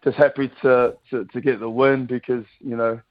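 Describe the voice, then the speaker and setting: A man's voice: mid-range voice, little pitch movement, normal speed, slight background noise. Easygoing kiwi guy in his thirties, lots of ums, muffled lo-fi sound. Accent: New Zealand. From New Zealand. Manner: laid-back, chatty, lots of fillers. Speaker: guest rugby player. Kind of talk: casual radio interview.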